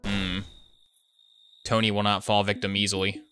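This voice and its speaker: A man's voice: fairly low pitch, completely flat delivery, moderate pace, pushed and bright, smooth, faint music behind. A young man commenting on his gameplay live, joking and muttering asides into a desk microphone. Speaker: gaming streamer.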